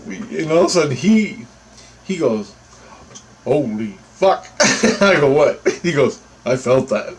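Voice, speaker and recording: A man telling a personal story in a rambling, casual way, getting animated when he quotes what others said. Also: fairly high pitch, slight background noise, poor audio.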